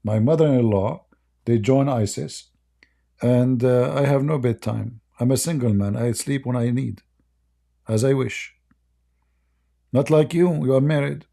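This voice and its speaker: A man's voice: medium pitch, unhurried, creaky, pauses often, mellow. A man whose first language is Arabic, speaking in a rambling, joking and mocking way with broken English. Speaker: online commentator. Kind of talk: casual joking monologue.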